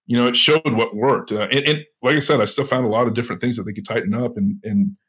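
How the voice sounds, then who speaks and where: A man telling a story in a casual interview, animated, swearing, with many stammered restarts. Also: mid-range voice, fast talker, slightly rough. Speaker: penetration tester, interview guest.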